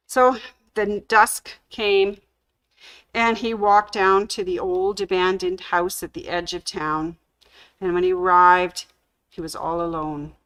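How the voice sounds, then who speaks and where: A woman storyteller on a livestream, drawing out a spooky tale at an unhurried, deliberate pace. Her voice is bright and clear, with dramatic pauses. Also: mid-range voice, steady tone. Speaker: sewing channel host. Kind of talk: livestream ghost story telling.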